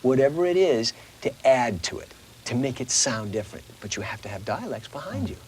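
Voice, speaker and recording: A man's voice: mid-range voice, brisk, a little hiss or hum. A middle-aged man, a voice actor guest, chatting casually and animatedly in an interview, slipping into little voices as he tells stories. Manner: animated storyteller, slips into voices.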